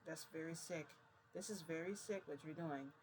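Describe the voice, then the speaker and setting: A woman's voice: sits low, moderate pace, a little mellow, slight background noise, lightly acted, rough recording. A woman doing an old lady's voice as she scolds someone for elder abuse. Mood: scolding. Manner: scolding, indignant. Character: woman faking a frail old grandmother.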